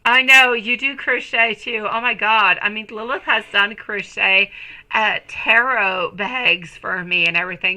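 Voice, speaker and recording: Bright-voiced gushing woman tarot reader. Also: medium pitch, unhurried, rough recording. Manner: affectionate, calls viewers sweetie and my lovely; gushing, excited bursts. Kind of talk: live-stream chat with viewers.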